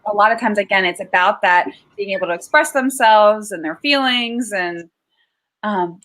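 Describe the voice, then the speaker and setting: A therapist guest, a woman with a medium-pitched voice, speaks at normal speed on a low-quality recording. Chatting casually, she warmly explains emotions in an easy way and laughs readily.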